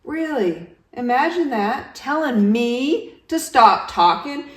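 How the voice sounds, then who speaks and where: A woman voicing a cheerful, self-important yak taxi driver who never stops talking, rattling on fast and loud. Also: lively intonation. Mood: chattering. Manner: rattles on fast, loud and high-pitched, barely pausing. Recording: roomy, distant home recording.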